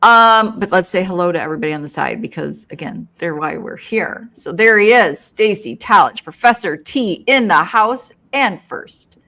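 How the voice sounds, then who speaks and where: A woman's voice: mid-range voice, expressive, normal speed, hardly any pauses, bright, forceful tone. A woman co-hosting a casual live stream, bubbly and upbeat as she greets viewers by name and plugs their shows. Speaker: co-host of a live paranormal network show.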